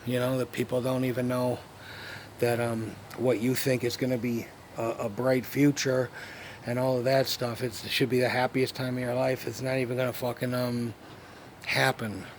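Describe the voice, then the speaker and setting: A man's voice: medium pitch, flat delivery, normal speed, a little hiss or hum. A man talking in a rambling, profane monologue, full of fillers and repeated asides to the listener. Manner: rambling and profane, fillers and repeated 'you know what I mean'. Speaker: vlogger.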